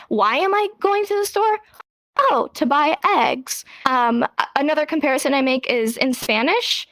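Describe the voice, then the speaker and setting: A woman's voice: a bit bright, no echo, low-quality recording. Chatty young woman teaching, dry close sound. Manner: chatty, acts out example dialogue with rising pitch. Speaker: sign language teacher. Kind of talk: casual spoken lesson answering questions.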